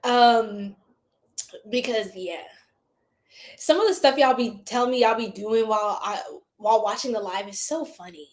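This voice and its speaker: A woman's voice: a little high, normal speed, pauses often. A woman with an American lilt hosting a tarot livestream, chatting casually with her viewers, laughing often and swearing freely. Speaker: tarot reader livestream host.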